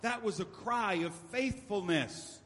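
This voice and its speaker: Higher-voiced male preacher in a reverberant hall. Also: takes it slowly, fairly bright tone. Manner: conversational preaching with emphatic repetition. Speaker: pastor. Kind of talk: sermon.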